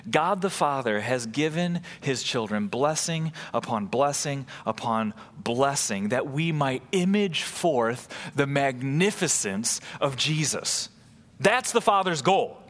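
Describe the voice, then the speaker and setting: A man's voice: expressive, slow, a bit bright. Emphatic male preacher in a reverberant hall. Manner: emphatic, rises and drops in pitch for stress. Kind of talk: sermon.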